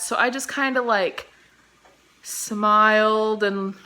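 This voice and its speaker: A woman's voice: medium pitch, lively intonation, unhurried, background noise. A young woman with a Californian accent, from the Central Valley, chatting casually and rambling off on tangents, with lots of "like" and casual swearing, while she cooks in her home kitchen and films on a phone held in one hand. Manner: rambling, easily sidetracked, heavy "like" filler, swears casually. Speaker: vlogger. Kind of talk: casual storytime chat.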